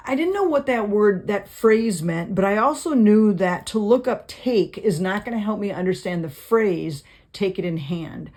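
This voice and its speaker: Her voice sits fairly low with a darkish tone as she leads a casual Bible study. She reads verses aloud and muses over what the words mean, unhurried, with frequent fillers and restarts.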